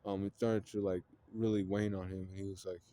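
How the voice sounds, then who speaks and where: A man's voice: low-pitched, little pitch movement, fairly quick, dark tone. A man casually retelling an anime plot, rambling with lots of fillers and some swearing. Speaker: storyteller.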